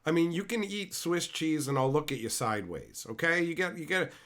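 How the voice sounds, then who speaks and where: Loud, animated young man ranting. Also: fairly high pitch, a little fast. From Canada. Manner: loud, profane, mock-outraged. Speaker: streamer reading chat. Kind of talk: casual rant to live chat.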